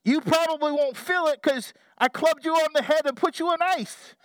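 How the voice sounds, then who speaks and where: A man doing a loud gloating fisherman. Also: very high voice, moderate pace, no echo, voice pushed up. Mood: taunting. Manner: loud, taunting, mock-menacing. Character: gleeful male fisherman shouting threats at fish.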